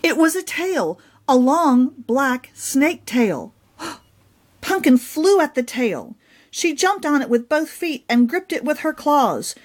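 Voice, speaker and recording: Slow, expressive woman reading a children's story. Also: high voice. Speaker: author reading her own children's book. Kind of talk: children's read-aloud.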